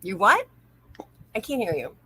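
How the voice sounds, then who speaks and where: A woman's voice: mid-range voice, huge pitch swings, a little slow, pushed and bright, a little hiss or hum, low-quality recording. A woman hosting a casual late-night livestream, reading viewer comments aloud and chatting, laughing easily. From North Carolina, USA. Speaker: livestream host.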